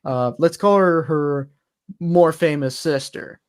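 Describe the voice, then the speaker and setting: A man's voice: a little high, takes it slowly, clean tone. Eager young-sounding man chatting about trains. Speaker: voice actor. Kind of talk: casual chat.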